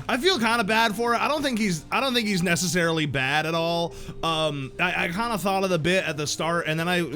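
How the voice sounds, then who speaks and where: Lively jokey streamer man. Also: a little high. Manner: rambling, self-deprecating, jokey. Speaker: game streamer. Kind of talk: casual let's-play commentary.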